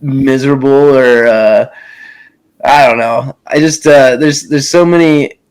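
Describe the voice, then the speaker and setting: A young man hosting a relaxed casual chat, talking loosely with a lot of um and you know. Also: medium pitch, a little slow, clean tone, poor audio. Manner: relaxed, many fillers and restarts.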